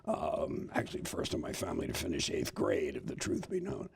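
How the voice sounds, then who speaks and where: An older man, a theatre professor, telling lively anecdotes in a casual interview and laughing often. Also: extremely low pitch, a little fast. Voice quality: gravelly, husky.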